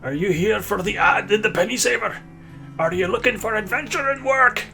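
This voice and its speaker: An old raccoon-dog wizard who peddles magic junk, speaking in a high, mock Scottish burr, as a man puts him on. He is pushy and eager, a tabletop game figure done in a voice well above the narrator's own. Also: a little fast, gravelly, pushed and bright, faint music behind, exaggerated voice. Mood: eager pitch. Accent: put-on Scottish. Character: old male raccoon-dog wizard merchant, energetic salesman.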